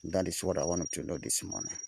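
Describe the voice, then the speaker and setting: A man's voice: sits low, fast, vocal fry, warm tone, slight background noise. A man with a Nigerian accent giving an impassioned broadcast address as an activist, in a preaching, repetitive chanting cadence.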